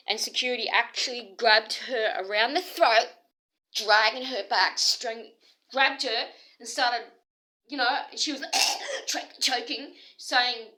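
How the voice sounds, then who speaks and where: Woman, Australian accent, bright and sharp voice, aggrieved rambling complaint. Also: fairly high pitch, fairly even intonation, unhurried, low-quality recording. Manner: agitated, aggrieved, jumps between stories.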